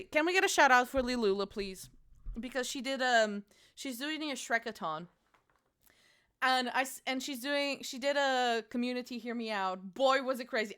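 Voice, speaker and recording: A woman's voice: high-pitched, sharp tone, clear, resonant tone. A young woman streaming from her home, chatting casually and playfully with her chat and swearing freely.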